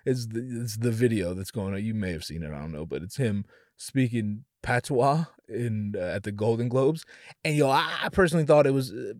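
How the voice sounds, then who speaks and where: Hosting a podcast, a young man delivers a casual, swear-filled rant laced with jokes, stopping and restarting often. The sound is clean studio audio with no room echo, and his medium-pitched voice has a darkish tone.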